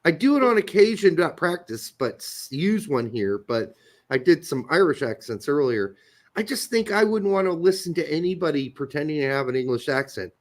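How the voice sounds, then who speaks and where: A man's voice: on the high side, moderate pace. A middle-aged man co-hosting a soccer podcast, telling crude jokes and stories in casual chat. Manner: crude, joking, animated storyteller. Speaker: podcast co-host.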